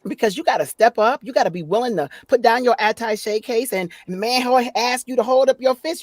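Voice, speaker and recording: A woman chatting as a guest author on a video call from her office, telling stories in an expressive, upbeat way. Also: a little high, fairly quick, few pauses, no room sound. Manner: expressive, upbeat storyteller who acts out quotes. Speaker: guest, author and voice-over talent. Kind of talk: casual interview chat. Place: home office.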